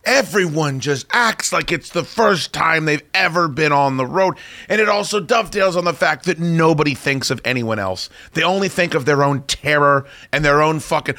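Male talk-radio host, profane ranter, lively bright voice, dry room. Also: fairly high pitch, moderate pace, dry recording. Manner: profane, ranting, bursts into shouting and laughter. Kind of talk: casual radio-show rant.

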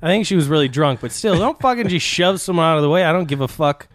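A man's voice: a little high, animated, quick pace, no echo, studio quality. A man casually telling a long rambling story on a podcast, cursing freely and laughing as he goes. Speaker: podcast host.

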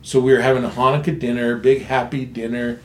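This guest, a man sharing his recovery story, talks candidly and bluntly about his family, cursing without restraint. His voice is medium in pitch, level in tone and fairly quick, recorded in an echoey space with faint background ambience.

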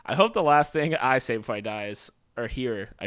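A young man in his twenties co-hosting a podcast, laid-back and rambling, filling his talk with "like." His voice sits at a middle pitch and is recorded close and dry. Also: expressive, brisk, a bit bright, smooth, dry recording. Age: 20s. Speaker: podcast co-host. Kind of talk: casual chat.

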